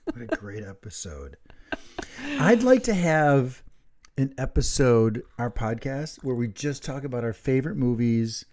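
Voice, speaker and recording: A man's voice: mid-range voice, unhurried. A middle-aged man co-hosting a podcast, joking and laughing in casual chat. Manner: jokey, animated, laughs often. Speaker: podcast co-host.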